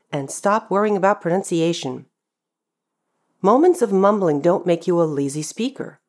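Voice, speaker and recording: A woman reading a scripted pronunciation lesson, speaking carefully and clearly and demonstrating example phrases. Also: fairly low pitch, darkish tone. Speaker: pronunciation teacher. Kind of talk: scripted instructional narration.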